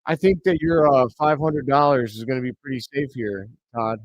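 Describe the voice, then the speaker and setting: A man hosting a live reaction stream, calling the action play by play and bursting into excited shouts on big plays. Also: medium pitch, moderate pace, no echo. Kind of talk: play-by-play commentary. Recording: dry, slightly dull home mic.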